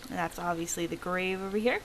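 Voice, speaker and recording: A woman hosting a let's play, chatting casually and reacting out loud as she plays. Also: on the low side, fast, slight background noise, low-quality recording. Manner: chatty, reacting aloud to the game. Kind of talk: casual gameplay commentary.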